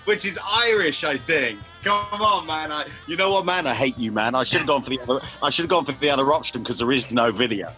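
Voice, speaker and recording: A man co-hosting a casual podcast who laughs often, keeps saying "man" and talks in a lively, easygoing way. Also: fairly high pitch, fast talker, hardly any pauses, music in the background. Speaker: podcast co-host.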